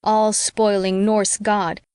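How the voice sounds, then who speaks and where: A woman reading a novel aloud as a steady first-person audiobook narrator. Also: mid-range voice, slow pace, clean tone, dry recording, clean studio sound.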